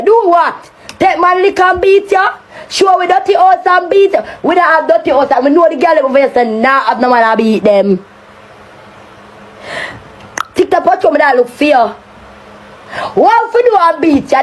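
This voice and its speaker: A woman with a Jamaican accent delivering a heated, taunting rant on a live stream, cursing often. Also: very high voice.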